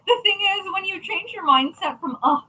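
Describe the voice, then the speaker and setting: A woman's voice: very high voice, expressive, moderate pace, sharp tone, low-quality recording. A young adult woman chatting casually to viewers, blunt and chatty with frequent swearing. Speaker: crafting channel host.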